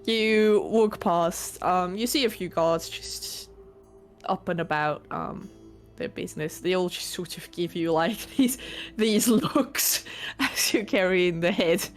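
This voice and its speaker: A woman runs a tabletop game, describing the scene at a slow, deliberate pace with frequent fillers. Her voice sits a little low. Faint music plays behind her. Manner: unhurried, hesitant, many ums and likes. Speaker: game master.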